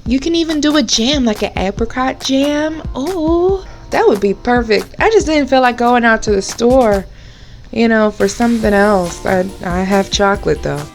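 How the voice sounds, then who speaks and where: A woman's voice: on the high side, animated, moderate pace, faint music behind. A woman hosting a baking tutorial, chatty and bubbly, talking straight to her viewers. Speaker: baker and cake channel host.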